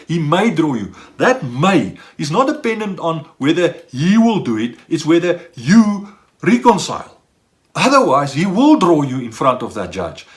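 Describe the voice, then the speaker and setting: Animated male preacher. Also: a little high. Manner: animated, acts out dialogue in quoted voices. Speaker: pastor. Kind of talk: sermon.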